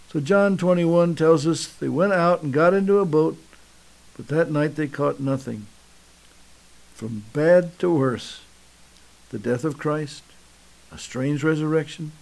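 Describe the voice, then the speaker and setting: Male radio preacher, gravelly, deliberate sermon delivery with weighty pauses. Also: on the high side, a little mellow. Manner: measured, dramatic pauses, reads scripture aloud.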